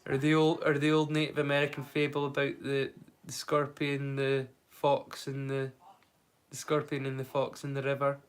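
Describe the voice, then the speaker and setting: A man's voice: mid-range voice, monotone, normal speed, clean tone. A man hosting a live storytelling stream, chatting casually and thinking aloud with frequent restarts. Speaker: storyteller host.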